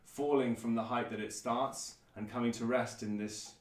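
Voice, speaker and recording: A man's voice: mid-range voice, steady tone. Man explaining music in a roomy echo. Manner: thoughtful, measured, with frequent ums. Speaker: musician presenter. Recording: roomy echo, mic at a distance.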